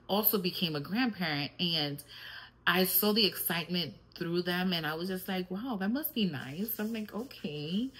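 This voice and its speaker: Low-voiced woman telling family stories. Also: a bit bright, poor audio. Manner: candid, reflective, storytelling with many fillers; switches briefly into Spanish. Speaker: podcast host. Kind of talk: casual personal monologue.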